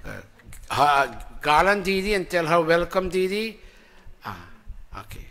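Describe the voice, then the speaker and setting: A man leading an informal temple gathering, playful and animated, calling people forward by name. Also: a little high, measured pace. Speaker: temple spiritual leader. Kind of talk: informal sermon to congregation. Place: temple hall before congregation.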